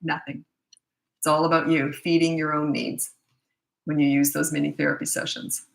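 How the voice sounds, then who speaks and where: A middle-aged parenting coach gives blunt, chatty advice and tells stories about her own family. Her voice sits low and creaky, with a flat delivery at normal speed, and sounds reverberant.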